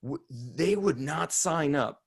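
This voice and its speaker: A man who is a strength coach telling a story on an interview in an excitable way, swearing and laughing as he goes. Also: on the high side, slow, creaky, breathy edge. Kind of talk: animated storytelling.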